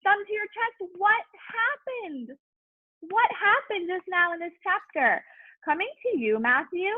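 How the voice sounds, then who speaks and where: A woman's voice: extremely high pitch, animated, measured pace, dry recording. Woman teacher reading aloud to an online class, tinny dry line, encouraging. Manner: warm encouraging classroom prompts. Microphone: video call. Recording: tinny video-call audio.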